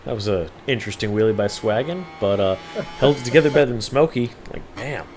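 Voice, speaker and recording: A man co-commentating an esports race, dry and sarcastic but quick to get excited. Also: medium pitch, a little hiss or hum.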